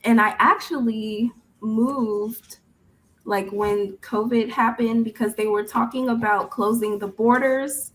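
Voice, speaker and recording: Slow, patient woman English tutor. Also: fairly high pitch, steady tone, poor audio. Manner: patient, gently correcting, laughs often. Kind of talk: casual online tutoring chat. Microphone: video call.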